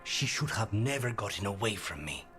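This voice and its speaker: An actor playing a grave, brooding male assassin companion in a video game, speaking in a measured, intense way. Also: fairly low pitch, sing-song, a bit bright. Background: game music.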